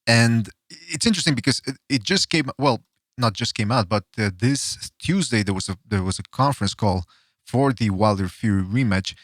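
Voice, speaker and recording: A man hosting a casual boxing podcast, loud and profane, laughing often as he talks to callers. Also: mid-range voice, moderate pace, dry recording, studio quality. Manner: loud, swearing, laughs a lot. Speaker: podcast host.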